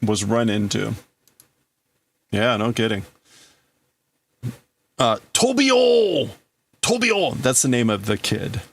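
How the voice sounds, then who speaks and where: A man hosting a livestream, casually translating manga aloud and thinking out loud in broken-up phrases. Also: on the low side, fairly even intonation, measured pace, vocal fry, pauses often. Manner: thinking aloud, breaking up phrases, laughing at himself. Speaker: livestream host.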